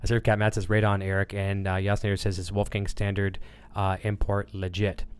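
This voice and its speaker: A man's voice: fairly low pitch, completely flat delivery, moderate pace, clean tone. A man hosting a casual livestream, rambling with lots of fillers as he reads chat comments and tells a story. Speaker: livestream host.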